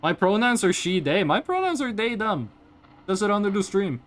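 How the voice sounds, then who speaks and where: Woman VTuber, casual stream chatter, blunt and sweary, swings her pitch all over. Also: normal speed. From Norway. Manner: animated, blunt, swears freely, laughs often. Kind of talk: casual live-stream chat, reading chat.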